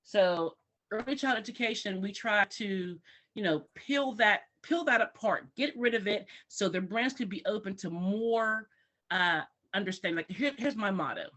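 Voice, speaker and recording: A woman who works in early childhood education speaks at a medium pitch and a normal speed. She's a guest on a talk show, and she animatedly acts out parents and children in exaggerated voices.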